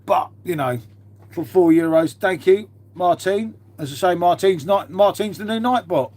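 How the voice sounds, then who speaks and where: A man talks loosely through a live stream from his half-converted garage, his voice sitting a little high. He rambles from one thing to the next, drops casual swearing and calls everyone mate. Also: normal speed, darkish tone. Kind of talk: casual live-stream chat reading viewer comments.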